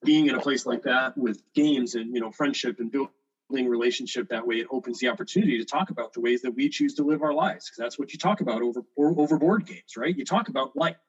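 A man's voice: mid-range voice, quick pace, husky, muffled recording. A man who is a vicar, appearing as a podcast guest and speaking thoughtfully in casual chat. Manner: thoughtful, reflective, many fillers.

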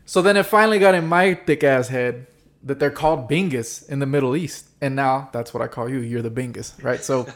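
A man telling stories in a casual chat, animated and profane, acting out quoted voices. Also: medium pitch, fairly quick. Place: San Diego.

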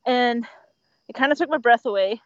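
A woman who works as an emergency dispatcher, chatting casually and telling animated stories, often laughing and acting out what callers said. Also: on the high side, normal speed, no room sound, highs cut off. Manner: animated storyteller, laughs often, acts out quotes. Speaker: 911 dispatcher. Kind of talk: casual podcast chat.

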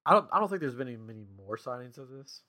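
Bright-voiced man hosting. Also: medium pitch, lively intonation, rapid-fire. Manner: rambling storyteller, laughs often. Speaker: podcast host. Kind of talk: casual chat.

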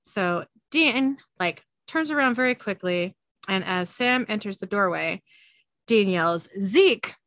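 A woman hosts a podcast and recaps an episode in a casual, chatty way, breaking off for laughing asides. Her voice sits at a middling pitch. The sound is dry and close, with no room around it. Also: expressive, unhurried, sharp tone, no echo. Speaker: podcast host.

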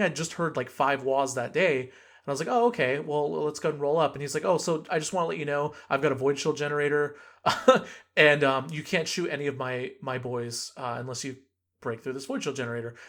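A man's voice: on the high side, a bit bright. A young man hosting a podcast, telling a story in a rambling, casual way with lots of fillers and restarts. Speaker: podcast host.

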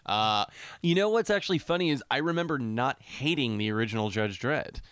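A man's voice: medium pitch, animated, brisk, a bit bright, dry recording. A man co-hosting a podcast in casual movie chat, with wry, dry banter. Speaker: podcast co-host.

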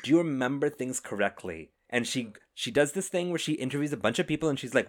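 A man co-hosting a podcast, chatting casually about a film and getting excited as he tells stories. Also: medium pitch, quick pace. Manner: excitable, animated storytelling with self-interruptions. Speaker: podcast co-host.

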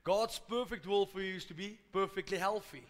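A man's voice: high voice, brisk. A man preaching a sermon in a church, emphatic and repetitive, calling out to the congregation. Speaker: pastor. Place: church hall. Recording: reverberant church hall.

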